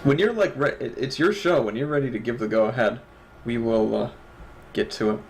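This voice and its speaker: A man's voice: medium pitch, moderate pace, darkish tone, slight background noise, rough recording. Laughing, joking young man co-hosting. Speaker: co-host of an awards stream. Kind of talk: casual stream chat. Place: home room, at a desk.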